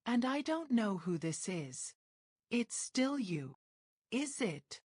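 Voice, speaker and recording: A woman's voice: on the high side, big pitch swings, slow pace, a little mellow, husky, no room sound, clean studio sound, voice pushed up, heavily acted. A woman narrator voicing a hurt, defiant young woman who speaks in an emotional, questioning way.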